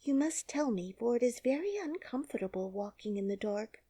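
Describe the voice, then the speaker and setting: A woman voicing an earnest, polite young girl in an audiobook, often speaking in a soft, breathy half-whisper. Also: a little high, animated, normal speed, dry recording, pitched above the performer's own voice. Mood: weary. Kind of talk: audiobook character reading.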